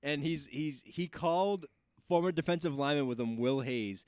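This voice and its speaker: A man's voice: fairly high pitch, normal speed, darkish tone, smooth, no room sound, clean studio sound. A man co-hosting a casual sports podcast, laughing and swearing as he retells a story. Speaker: podcast co-host. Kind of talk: casual chat.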